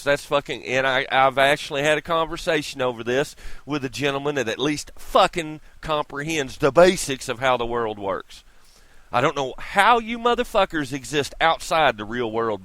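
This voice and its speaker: An irritated man rants into a close mic, profane and sarcastic. His voice sits a little high and swings widely up and down as he mocks and scolds. The sound is dry, with no room in it. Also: a bit bright, no echo. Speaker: vlogger. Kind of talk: profane opinion rant.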